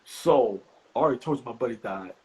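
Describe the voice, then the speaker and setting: A middle-aged man from the US East Coast, a comedian guest telling profane stories with animated, high-pitched acted quotes. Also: a little fast, breathy edge, poor audio. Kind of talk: animated storytelling.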